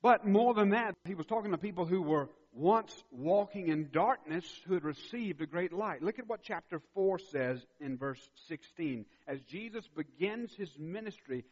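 A man's voice: sits high, animated, normal speed, few pauses. A man preaching a sermon as a pastor, emphatic and building in intensity, repeating key phrases for weight. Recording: dull recording with long hall reverb.

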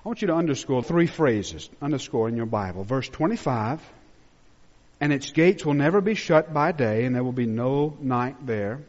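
A male pastor preaching a sermon, swinging between loud emphatic peaks and hushed low drops. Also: expressive, moderate pace. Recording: muffled sound with long reverb in a large hall.

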